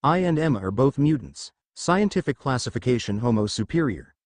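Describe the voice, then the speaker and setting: A man's voice: medium pitch, big pitch swings, brisk, no room sound, natural voice. A man voicing a proud, lecturing mutant leader in a story reading. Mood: haughty.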